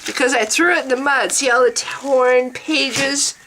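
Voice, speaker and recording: A woman's voice: sits high, steady tone, a little slow, fairly bright tone, slight background noise, low-quality recording. A middle-aged woman talking bluntly and profanely in a casual vlog monologue, laughing often. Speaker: vlogger.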